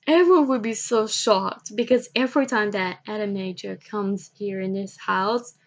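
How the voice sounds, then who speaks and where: A woman vlogging, telling a personal story in a halting, repetitive way and often restarting her sentences. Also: medium pitch, muffled recording.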